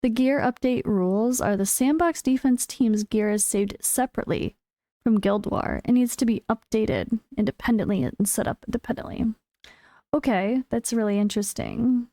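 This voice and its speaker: Excitable woman reading game patch notes. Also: creaky, no echo, clean studio sound. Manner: excitable, bursts into high exclamations. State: voice going hoarse. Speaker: gaming channel host.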